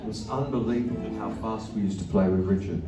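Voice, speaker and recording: An older Australian man, a musician onstage at an arts centre concert hall, tells rambling, wry anecdotes between songs, swearing and chuckling as he goes. His voice is lowish and his pace quick, with music underneath. The echoey venue is captured from a distant mic.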